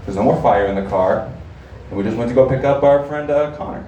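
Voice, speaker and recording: A man's voice: medium pitch, sing-song, fast talker, warm tone, dull audio, slight background noise. A young man telling a crude, rambling stand-up story on a comedy club stage. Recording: roomy club, distant mic.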